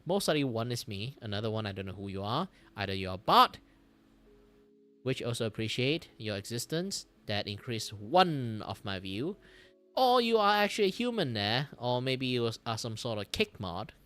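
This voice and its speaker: A man chats on his live stream as he draws, his pitch swinging widely from low mutters to loud bursts. He rambles, dizzy and disoriented, and swears and laughs along the way. Soft music plays behind him. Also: big pitch swings, normal speed. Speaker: art streamer. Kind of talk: casual live-stream chat while drawing.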